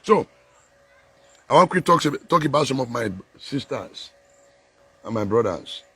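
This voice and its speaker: A man speaking Nigerian Pidgin mixed with English in a loose, animated live chat about politics, laughing often and preaching a little. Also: medium pitch, unhurried, breathy edge. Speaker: political commentator.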